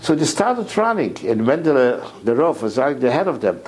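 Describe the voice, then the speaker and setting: A man giving an impassioned sermon lecture, repeating words as his voice climbs to near shouts. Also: medium pitch, very animated, fairly quick, rough recording. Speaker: rabbi lecturer.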